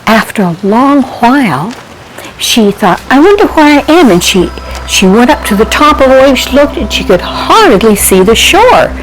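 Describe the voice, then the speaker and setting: A woman telling a Bible-themed children's story, animated, asking her listeners questions and hushing her voice for suspense. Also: on the high side, measured pace, low-quality recording.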